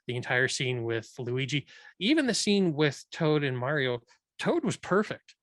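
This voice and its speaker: A man's voice: mid-range voice, expressive, moderate pace, a bit bright, dry recording. A man hosting a casual podcast chat, giving opinionated views at length with frequent restarts. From Irish heritage. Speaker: podcast host.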